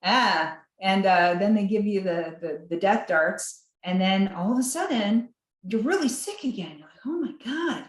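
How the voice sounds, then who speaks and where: A woman guest on a podcast interview, talking in an animated way, acting out quotes in a higher voice and laughing between points. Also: a little slow, echoey room, rough recording.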